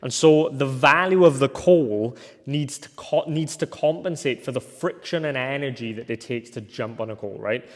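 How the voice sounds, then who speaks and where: A young man from Wales teaching a recorded course lecture in a casual way, often tagging points with a quick question and filling pauses as he thinks. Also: mid-range voice. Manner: casual, ends points with a tag question, thinks aloud with fillers. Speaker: agency coach. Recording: long hall reverb.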